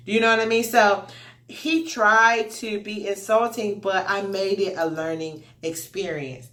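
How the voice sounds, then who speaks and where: A woman tells stories from her online teaching in a casual, animated vlog voice. She chats straight to her viewers as if they were friends. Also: mid-range voice, measured pace. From United States. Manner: animated, chatty, addresses viewers directly.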